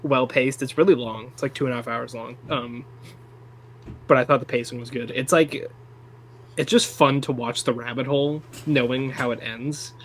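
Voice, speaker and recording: A young man co-hosts a casual film chat in an even mid-range voice. He rambles with enthusiasm and swears freely. A faint hum sits under the recording. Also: mid-range voice, normal speed, rough recording. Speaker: podcast co-host.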